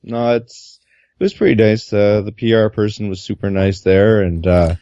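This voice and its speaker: A man recounting his experience as a reporter in a casual podcast chat, relaxed and rambling with lots of fillers. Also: lowish voice, moderate pace, no room sound. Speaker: guest reporter. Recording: muffled, dull lo-fi audio.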